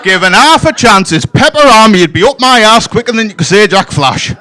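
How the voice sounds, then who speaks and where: A man performs stand-up on a comedy club stage, bawdy and playful, throwing deadpan asides at the crowd. His voice sits high and swings widely in pitch as he talks. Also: fairly quick.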